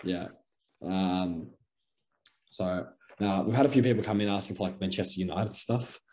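A young Australian man with a mellow, darker voice that sits a little low, talking casually on a podcast. He rambles and restarts his sentences as he tells his stories. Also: normal speed, slight background noise. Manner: rambling, full of fillers and restarts. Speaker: podcast co-host. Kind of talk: casual chat.

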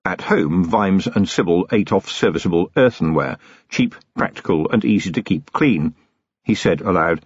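A man narrating a novel as an audiobook, in an expressive, characterful storytelling way. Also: on the low side, brisk, breathy edge, no echo. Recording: dull lo-fi close-miked recording.

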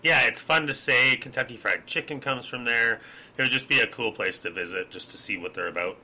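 A man's voice: medium pitch, a little fast, pushed and bright, a little hiss or hum. A man co-hosting a podcast, rambling in a laid-back, casual way. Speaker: podcast co-host.

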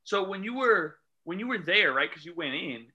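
Teasing co-host, high bright male voice, quick reactive chatter. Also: animated, dull audio. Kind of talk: casual chat.

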